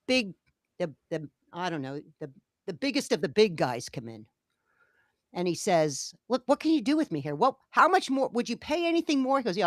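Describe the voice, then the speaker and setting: A woman co-hosting a relaxed chat, her voice sitting on the low side. She spins an animated story and plays out each line of dialogue. The sound is dry and close, with no room echo. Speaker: co-host. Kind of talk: casual chat.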